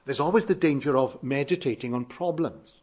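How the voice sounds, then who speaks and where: A man's voice: medium pitch, a little fast, darkish tone. A male preacher giving a sermon, emphatic, repeating phrases with shifting stress.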